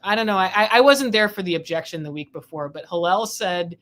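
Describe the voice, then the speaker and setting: Chatty woman host with a low voice. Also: lively intonation, brisk, a bit bright. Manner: chatty, rambling with many restarts. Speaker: legal affairs host. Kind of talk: casual chat about a trial.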